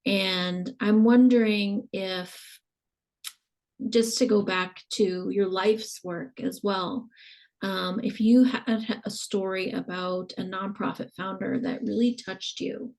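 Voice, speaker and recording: Female podcast host, unhurried, hesitant, filler-heavy interviewer. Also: mid-range voice, fairly even intonation, darkish tone. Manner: hesitant, lots of ums. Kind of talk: interview questions.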